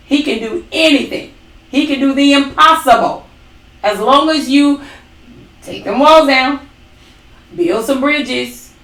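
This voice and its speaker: A woman's voice: high voice, a bit bright, far from the mic. Emphatic preaching woman in an echoey room. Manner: emphatic, preacherly, with dramatic quoted asides. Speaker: ministry co-host. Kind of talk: testimony-style faith talk. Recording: echoey room, away from the mic.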